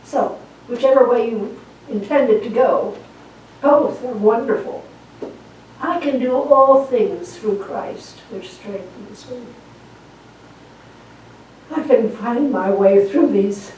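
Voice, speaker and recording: A woman minister gives a sermon in a church in a fairly high voice. She speaks slowly and deliberately and circles back to the same phrases again and again. The sound is very echoey and comes from some distance off the mic, with a faint hum of the room behind it. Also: darkish tone. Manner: slow, deliberate, repeating phrases for emphasis. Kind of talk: sermon and spoken affirmations. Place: church sanctuary.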